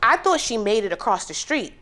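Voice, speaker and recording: A woman's voice: on the high side, big pitch swings, fairly quick, sharp tone. A woman, a plaintiff on a TV court show, telling her story in emotional detail. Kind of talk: testimony in a TV courtroom.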